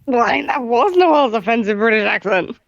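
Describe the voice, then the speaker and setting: A woman with an Australian accent and a lively, rising-and-falling voice, teasing her co-host with sarcastic jokes. The dry, dull mic gives her a lo-fi sound. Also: on the high side, a little fast, no echo. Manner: teasing, sarcastic, laughs a lot. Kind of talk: casual banter.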